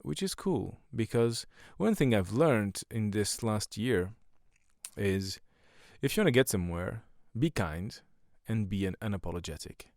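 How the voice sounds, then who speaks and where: A man's voice: fairly low pitch, animated, measured pace, gravelly, a little mellow, no room sound, studio quality. A man, a stand-up comedian and podcast host, talking in a rambling casual monologue full of swearing and self-mocking jokes.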